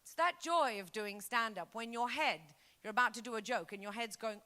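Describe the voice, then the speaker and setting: Brief: Greek-accented woman stand-up, thirties, lively and punchy, high-pitched. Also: normal speed. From Greece. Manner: lively, punchy, acts out bits. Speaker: stand-up comedian. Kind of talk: stand-up comedy set. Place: comedy stage before a live audience.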